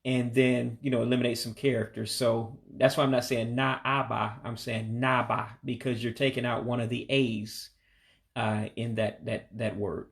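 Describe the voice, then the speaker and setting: A man leads a patient pronunciation lesson, saying each word slowly several times. His voice has a gravelly, creaky edge and sits at an ordinary pitch. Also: flat delivery. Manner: patient, repeats words slowly. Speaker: language learner teaching vocabulary.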